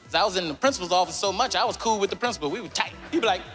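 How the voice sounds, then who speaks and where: A male comedian telling stories in interviews, acting out every voice with lively energy. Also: high voice, rapid-fire, soft background music. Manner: animated, acts out every voice in his stories. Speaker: guest comedian. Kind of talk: comic storytelling in interviews.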